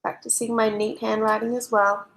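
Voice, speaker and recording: A woman, a primary school teacher giving a recorded lesson to children, speaking slowly and clearly. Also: fairly high pitch, flat delivery, fairly bright tone. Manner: slow and clear, spelling out and explaining for young pupils.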